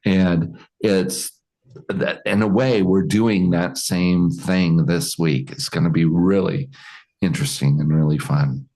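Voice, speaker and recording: Low-voiced man leading a group call. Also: fairly even intonation, slow pace, dark tone. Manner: reflective, admiring, trailing restarts. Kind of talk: casual group coaching talk. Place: online video call.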